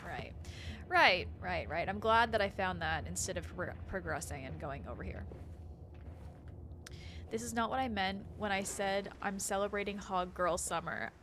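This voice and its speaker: Young woman streaming a game, chatty, greets her chat and reads notes out loud, faint hum behind. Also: medium pitch, moderate pace. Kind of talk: casual game commentary with read-aloud notes.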